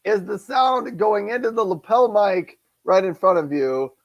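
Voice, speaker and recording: A man's voice: high-pitched, expressive, unhurried, muffled recording. A man co-hosting a live shopping show, explaining the segments and his wish-list items in an upbeat, chatty way. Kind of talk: casual live-stream product chat.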